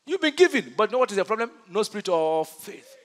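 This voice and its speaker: A man's voice: sits high, big pitch swings, a little fast, a little hiss or hum. A man preaching a sermon as pastor, emphatic, quizzing his congregation with call-and-response questions. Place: large church hall. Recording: reverberant church hall.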